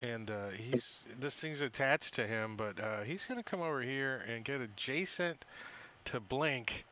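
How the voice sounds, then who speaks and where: A man's voice: mid-range voice, unhurried, bright, forceful tone, dull audio. A man playing a tabletop game in a playful way, talking through his moves over a voice call. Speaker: player. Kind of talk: casual tabletop play.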